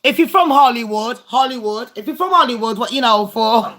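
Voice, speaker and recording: A woman's voice: on the high side, lively intonation, normal speed, a bit bright. A woman hosting a casual livestream game with her viewers, blunt and foul-mouthed. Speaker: livestream host.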